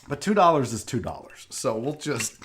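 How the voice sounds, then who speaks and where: A man's voice: mid-range voice, a bit bright, a little hiss or hum. A man hosting a casual live-stream show, ranting with profanity while a bit tipsy from drinking. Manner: profane, rambling rants. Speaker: show host.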